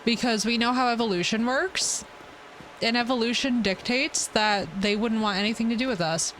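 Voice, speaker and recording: A woman's voice: mid-range voice, background noise. A woman streamer from the United States chatting playfully while she plays a video game live and reads out viewer messages. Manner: playful, chatty, reads chat aloud, teasing jokes. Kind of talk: casual live gameplay chat.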